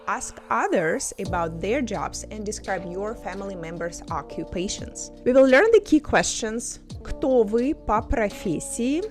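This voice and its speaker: A woman teaching an online language lesson, slowly repeating words to drill their pronunciation. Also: mid-range voice. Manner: slow, careful word-by-word pronunciation drills.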